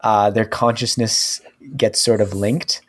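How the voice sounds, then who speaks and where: A man's voice: fairly low pitch, flat delivery, slow. A man co-hosting a casual podcast chat into a studio microphone, rambling with lots of fillers. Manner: rambling, filler-heavy recommending. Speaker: podcast co-host.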